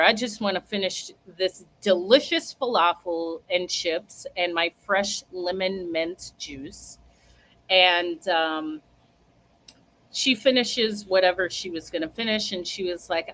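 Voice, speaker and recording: A young woman telling a funny story in a casual, animated way, laughing and acting out what people said. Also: medium pitch, measured pace, poor audio. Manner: animated, laughing, acts out quotes.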